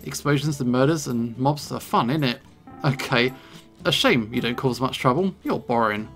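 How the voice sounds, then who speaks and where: A man's voice: medium pitch, moderate pace, a bit bright, soft background music, close to an everyday voice. A man voicing a shady, mocking man in a video game who thinks chaos is fun. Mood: gleeful taunting. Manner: taunting, sneering.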